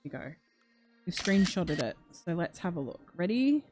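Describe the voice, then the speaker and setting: Her voice is mellow and fairly low, with a sing-song lilt at a normal speed, while faint music plays in the background. Hosting a true crime stream, the woman chats loosely, responds to comments, and becomes so moved she gasps and is close to crying.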